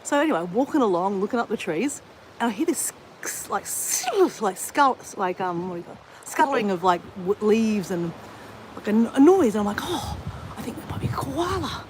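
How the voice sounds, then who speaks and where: A woman's voice: medium pitch, very animated, normal speed, darkish tone, a little hiss or hum, low-quality recording. Rambling Australian woman vlogger. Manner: rambling, many fillers and restarts; exercising while talking. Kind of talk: casual chat to live viewers.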